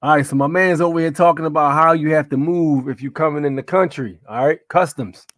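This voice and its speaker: A livestream host with a slightly high, somewhat bright voice talks briskly to his chat while reacting to clips, recorded dry at studio quality. His commentary is slangy and rambling, packed with fillers and "you know what I'm saying."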